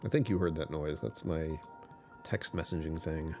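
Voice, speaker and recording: A man's voice: extremely low pitch, normal speed, a little mellow, soft background music. A man chatting casually on a live stream, rambling and joking with viewers.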